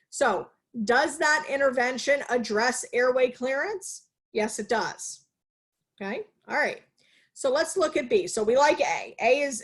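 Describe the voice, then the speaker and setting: Energetic woman teaching nursing on a video call. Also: fairly high pitch. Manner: energetic, teacherly, asks questions and answers them herself. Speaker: nursing instructor. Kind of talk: live online lecture.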